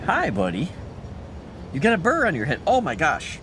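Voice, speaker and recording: A man's voice: a little high, wildly swooping pitch, normal speed, a bit bright, slight background noise. A man streaming a video game at home in a casual chat, stopping to coo at his cat. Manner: chatty, coos and baby-talks to his cat. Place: home, indoors.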